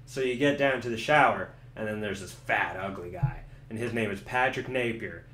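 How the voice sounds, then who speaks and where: A young man giving a sarcastic, swearing comedic review of a video game and acting out the characters in quick voices. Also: fairly low pitch, bright, forceful tone, slight background noise. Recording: echoey room.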